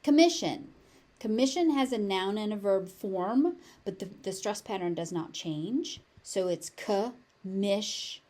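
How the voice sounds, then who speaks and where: A woman's voice: mid-range voice, animated, measured pace, hardly any pauses, mellow. A woman with a General American accent teaching pronunciation, saying each word several times and explaining the sounds. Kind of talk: pronunciation lesson with repeated words.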